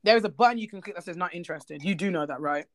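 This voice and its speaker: A woman's voice: on the low side, racing. A woman with a British accent talking bluntly and emphatically in a casual chat. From United Kingdom.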